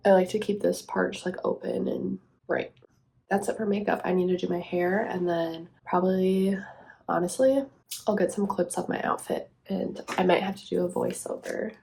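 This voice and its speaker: Low, gravelly-voiced woman vlogger. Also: moderate pace. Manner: chatty, relaxed, frequent "like" fillers. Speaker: vlogger and teacher. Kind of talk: casual get-ready-with-me talk.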